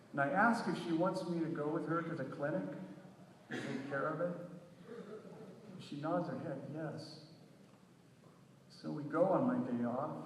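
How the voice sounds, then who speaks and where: A man giving an animated live reading of a short story, now and then shouting quotes in a sing-song voice. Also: a little high, a little hiss or hum. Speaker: reader. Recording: echoey hall, recorded from far off.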